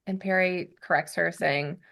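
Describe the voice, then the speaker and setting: A woman's voice: fairly low pitch, steady tone, normal speed, creaky, fairly bright tone, a little hiss or hum. Chatty giggly woman recapping a show. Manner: chatty, giggly, narrates plot with asides. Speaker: podcast host recapping a TV episode. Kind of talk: casual chat.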